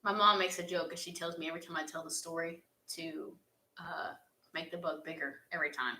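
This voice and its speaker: A woman's voice: lowish voice, steady tone, a little fast, sharp tone, a little hiss or hum. A young woman answers fan questions in an earnest, heartfelt casual chat, with laughs along the way. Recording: echoey room.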